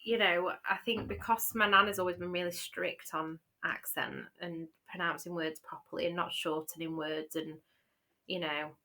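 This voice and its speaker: Bright-voiced woman with a light Yorkshire accent. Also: on the low side, fairly even intonation, normal speed. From Yorkshire, England. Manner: chatty, rambling with fillers and restarts. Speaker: podcast co-host. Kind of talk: casual chat.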